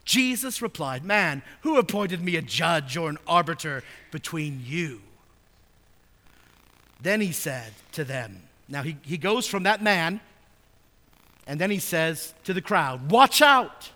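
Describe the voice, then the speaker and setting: A pastor preaching a sermon, swinging from hushed, low asides to loud, emphatic readings of scripture. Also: male voice, expressive, takes it slowly, long reverb tail. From United States.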